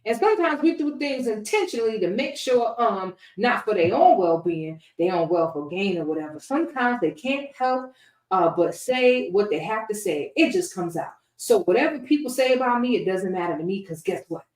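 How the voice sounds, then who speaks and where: A woman's voice: medium pitch, lively intonation, moderate pace, darkish tone. A woman answering interview questions in a casual, preachy and defiant way. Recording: echoey room, far from mic.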